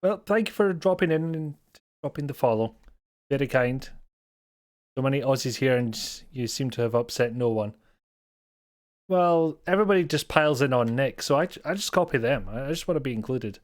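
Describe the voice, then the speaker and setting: A Scottish man streaming from home, chatting loosely with his viewers into a desk mic. His talk rambles, he pokes fun at himself, and he chuckles along the way. His voice sits at an ordinary middle pitch. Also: animated, moderate pace. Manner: rambling, self-mocking, chuckles often. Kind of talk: casual live-stream chat.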